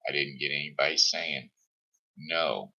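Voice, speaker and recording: A very low-pitched man with a gravelly rasp hosts a live stream in a slow, rambling, self-deprecating chat. His voice has a hard, bright edge, and it arrives through dull lo-fi stream audio. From Missouri, United States. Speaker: host of a live show.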